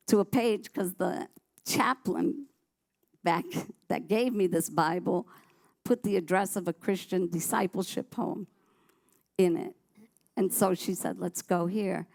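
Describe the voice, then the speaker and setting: A woman's voice: medium pitch, creaky. A woman sharing her personal testimony on a church talk show, telling her story vividly and animatedly, often restarting her sentences.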